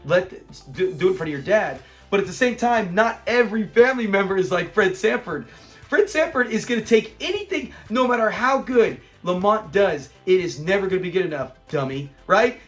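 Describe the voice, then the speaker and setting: A middle-aged man casually reviewing a sitcom episode, retelling scenes with laughter. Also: high voice. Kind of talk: casual commentary.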